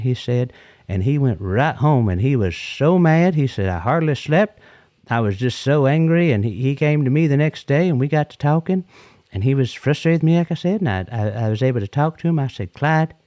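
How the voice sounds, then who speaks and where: A man's voice: mid-range voice, a little mellow, no room sound, clean studio sound. A man calling in to tell a rambling, comedic story in a folksy way, often repeating and restarting himself. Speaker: caller.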